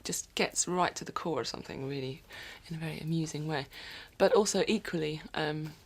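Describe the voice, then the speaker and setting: A woman's voice: low voice, a little fast, husky. A woman musician rambling casually in a video diary from her recording studio, often dropping into whispered asides.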